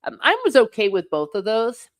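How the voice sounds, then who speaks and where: A woman's voice: a little high, big pitch swings, normal speed. A middle-aged woman hosting a casual livestream, chatting wryly about films and reading viewer comments aloud with playful exasperation. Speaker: host reading live chat.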